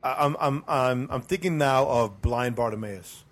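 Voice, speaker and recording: A man's voice: mid-range voice, moderate pace. Give me a male co-host of a faith podcast. He has a middle-range voice and keeps dropping "right?" into his sentences. He circles and repeats himself as he reflects aloud. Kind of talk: casual faith discussion.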